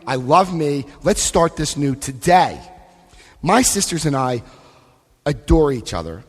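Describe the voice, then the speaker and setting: A man giving a lively recovery talk to a live convention audience, acting out scenes and voicing quotes. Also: mid-range voice. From United States. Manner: animated, acts out scenes, shifts voice for quotes. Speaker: AA convention speaker. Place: convention hall. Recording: long hall reverb.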